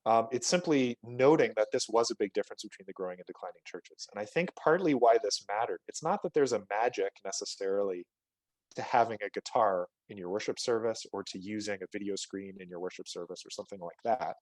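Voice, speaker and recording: A man's voice: on the low side, fairly quick, a little mellow, dry recording, low-quality recording. Man giving an explanatory research talk. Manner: explanatory, frequent "uh" and restarts. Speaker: guest lecturer. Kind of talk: virtual talk presenting research.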